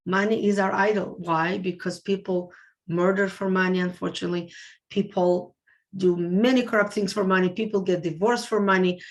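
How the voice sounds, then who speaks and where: A woman's voice: fairly low pitch, steady tone, moderate pace. A woman giving a religious class to women, speaking earnestly, repeating words and asking and answering her own questions. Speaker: rebbetzin teaching a women's class.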